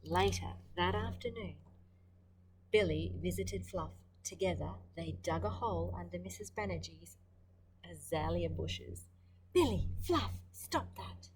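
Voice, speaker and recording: A woman's voice: lowish voice, slight background noise, rough recording. Australian woman reading a children's story. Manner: expressive, pauses to comment and ask the listener questions. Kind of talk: reading a picture book aloud to children.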